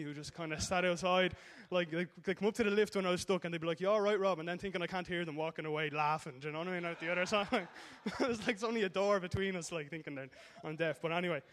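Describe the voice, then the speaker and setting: A man's voice: fairly high pitch, a bit bright. An Irish man preaching a sermon in a joking storytelling way, often checking in with the congregation. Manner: jokey storytelling with frequent "okay?" tags. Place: church hall. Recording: echoey hall.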